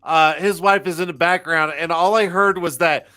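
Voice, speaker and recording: A man's voice: a little high, fairly even intonation, normal speed, bright, forceful tone, clear, resonant tone. A man in his forties hosting a live stream, rambling and swearing freely in casual chat. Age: 40s. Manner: profane, rambling, self-mocking. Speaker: host.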